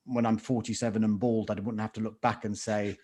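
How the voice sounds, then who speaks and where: A man's voice: lowish voice, flat delivery, fairly quick, darkish tone. A man, a sports reporter on a panel, answering reflectively and trailing off at the ends of his lines. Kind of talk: panel discussion.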